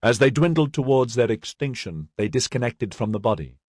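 A man reading scripted narration of a novel in a measured, dramatic way. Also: mid-range voice, animated, a little mellow, slightly rough, no echo, clean studio sound. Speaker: audiobook narrator.

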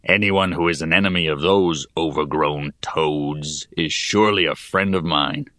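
A man voicing a burly middle-aged male laborer who speaks calmly, slowly and plainly. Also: extremely low pitch, no echo, studio quality. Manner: calm, slow and plain-spoken. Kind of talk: audiobook character voice.

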